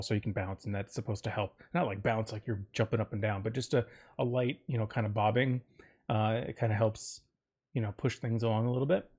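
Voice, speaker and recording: A man's voice: on the low side, a little mellow. A man hosting a solo podcast, telling a personal story in a rambling, self-interrupting way with frequent fillers and jokes. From Florida, United States. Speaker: podcast host.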